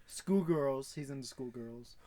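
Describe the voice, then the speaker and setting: A young man co-hosting a casual podcast, mostly giving dry, low-key replies. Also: unhurried, mellow. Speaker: podcast co-host. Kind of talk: casual chat.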